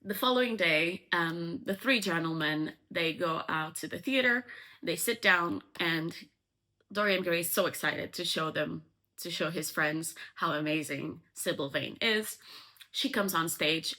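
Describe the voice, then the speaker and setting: A woman retelling a novel's plot in a chatty, casual way, dropping likes and ums as she goes. Her voice sits on the lower side for a woman, with a bright, clear tone. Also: measured pace. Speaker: book explainer.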